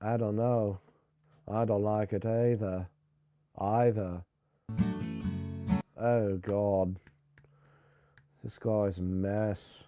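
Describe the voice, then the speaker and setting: Slow, mellow man muttering to himself. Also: on the low side, fairly even intonation, no echo, soft background music. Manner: mutters to himself, self-deprecating. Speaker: host mixing music on a livestream. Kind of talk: casual running commentary while working.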